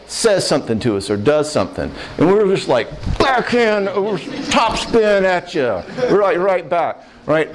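An older man giving a lively sermon on marriage to a live crowd, conversational and playful, often checking in with the listeners. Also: mid-range voice, rough recording. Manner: acts out quoted voices and jokes. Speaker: pastor teaching on marriage.

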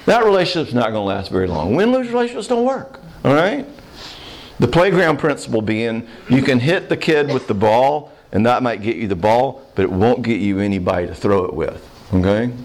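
A man leads a marriage seminar in a lively, joking way. His voice sits at an ordinary middle pitch, and he keeps tagging his points with quick check-ins to the room. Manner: animated, checks in with "all right?". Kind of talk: humorous seminar talk.

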